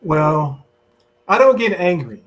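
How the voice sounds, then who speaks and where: A man answering as a podcast guest in casual chat, calm and laid-back. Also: sits high, slow.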